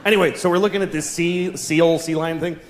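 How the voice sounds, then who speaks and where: A middle-aged man performing a stand-up comedy set on a live stage, blunt and deadpan, breaking into voiced asides. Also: fairly high pitch, brisk. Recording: echoey live venue, noisy crowd ambience.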